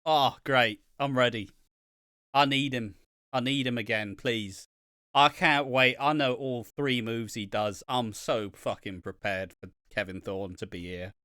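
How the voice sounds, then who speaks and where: A man's voice: mid-range voice, fairly even intonation, measured pace, sharp tone, clear, resonant tone, dry recording, studio quality. A man co-hosting a casual podcast chat, sarcastic and profane, with mock enthusiasm. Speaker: podcast co-host. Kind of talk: casual chat reviewing wrestling.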